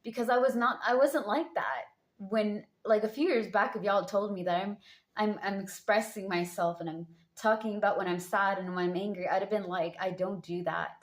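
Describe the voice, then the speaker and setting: A woman's voice: medium pitch, fairly even intonation, normal speed. A woman talking casually to her viewers as a tarot reader, rambling and chatty with lots of fillers. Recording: roomy echo.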